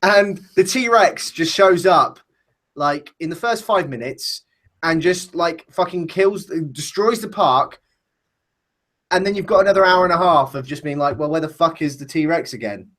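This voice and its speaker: A man's voice: high-pitched, unhurried, fairly bright tone. A man hosting a casual wrestling discussion, ranting with plenty of swearing. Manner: profane, ranting. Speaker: podcast host.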